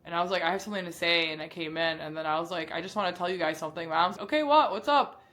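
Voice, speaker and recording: A woman's voice: on the low side, rapid-fire. A woman in her twenties telling a personal story to camera in a candid vlog, acting out what people said. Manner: animated, acts out quoted voices, candid. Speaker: vlogger.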